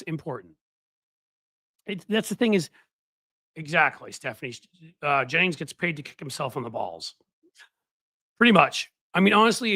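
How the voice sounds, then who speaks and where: Scornful man, bright dry voice. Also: on the high side, no room sound. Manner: mocking, quotes others in put-on voices. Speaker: political commentary host. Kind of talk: casual political commentary.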